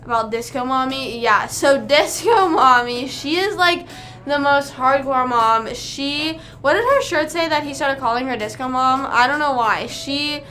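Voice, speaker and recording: A woman's voice: high-pitched, measured pace, sharp tone, faint music behind. A young woman livestreaming, rambling casually with lots of "like" fillers as she chats to her viewers. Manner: rambling, chatty, full of "like" fillers.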